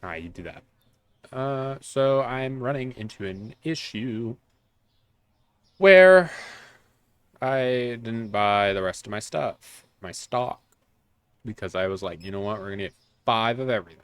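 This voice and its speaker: A man's voice: medium pitch, lively intonation, measured pace, long pauses, fairly bright tone, clean tone, no echo. A man streaming a video game, chatting casually and rambling in a jokey, self-mocking way. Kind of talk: casual let's-play commentary.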